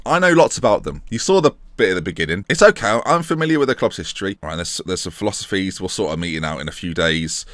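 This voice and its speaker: A man's voice: sits low, expressive, fast talker, few pauses, fairly bright tone, no echo, studio quality. A man giving casual, jokey commentary on a video game, reading the game's text aloud and muttering asides. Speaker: gaming YouTuber. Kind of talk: casual let's-play commentary.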